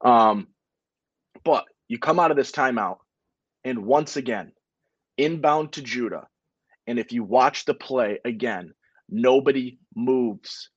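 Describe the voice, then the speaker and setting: A man's voice: mid-range voice, slow pace, pauses often, husky, dry recording, lo-fi sound. A man co-hosting a sports podcast, chatting in a loose, enthusiastic way. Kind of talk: casual sports talk.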